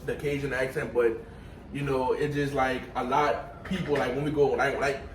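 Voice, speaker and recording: A man's voice: mid-range voice, little pitch movement, moderate pace. A young man from New Orleans with a New Orleans accent, telling a story in a casual chat and leaning on "you know" and "and everything". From New Orleans, Louisiana. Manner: laid-back, leans on "you know" and "and everything". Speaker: boyfriend of the vlogger, cameraman. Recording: roomy and a bit distant, faint hiss.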